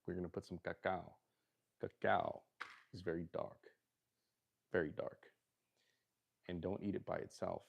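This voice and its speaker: His voice sits low, creaky and a little mellow. A middle-aged Southern Californian, he hosts a livestream from his home kitchen, cooking while he rambles and jokes around casually.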